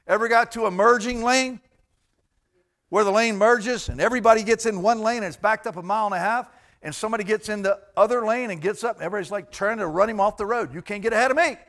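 A man preaching a sermon to a congregation, addressing listeners directly and swinging between loud emphatic bursts and quiet asides. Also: high voice, quick pace. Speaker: pastor.

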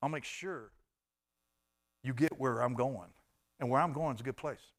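Preacher voicing a calm divine guide, soft and gentle and slow. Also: male voice, medium pitch. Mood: reassuring.

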